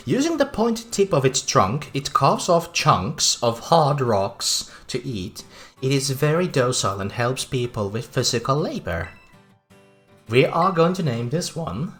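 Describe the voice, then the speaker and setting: Slow-talking streamer with a Finnish accent. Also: mid-range voice. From Finland. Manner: excitable, laughs often, chats with viewers. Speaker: game streamer. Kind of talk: casual livestream game commentary.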